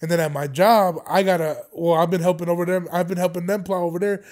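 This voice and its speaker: High-voiced young man rambling and laughing. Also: fairly even intonation, fast talker, a little mellow. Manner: rambling, profane, laughs often between jokes. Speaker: vlogger. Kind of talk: casual rambling monologue.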